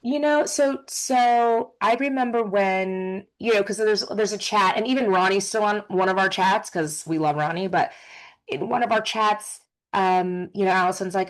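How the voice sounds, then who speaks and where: A woman actor answering interview questions in a casual, effusive way, with quick asides and jokes. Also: mid-range voice, low-quality recording. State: briefly emotional, close to tears.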